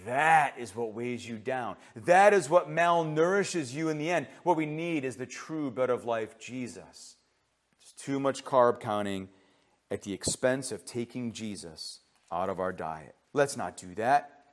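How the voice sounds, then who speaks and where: A man preaching a sermon, reading scripture aloud, asking the listeners questions and swinging between loud emphatic bursts and hushed low lines. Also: a little slow. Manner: reads scripture aloud and asks rhetorical questions. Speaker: pastor.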